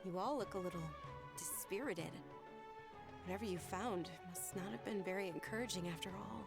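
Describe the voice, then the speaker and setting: An actress voicing a kind, gentle young noblewoman in a video game, speaking softly and politely. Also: mid-range voice, normal speed, creaky, over loud music, close to an everyday voice.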